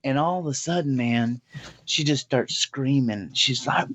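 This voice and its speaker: A man who works as a bail bondsman, telling a story in a profane, animated way over a video call and acting out every character. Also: medium pitch, unhurried, a little hiss or hum. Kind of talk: casual storytelling.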